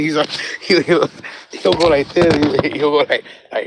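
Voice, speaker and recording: A man's voice: a little high, normal speed, background noise. A man on a phone livestream outdoors at a cemetery, telling a personal story casually, laughing often, repeating phrases and getting emotional. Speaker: livestream host.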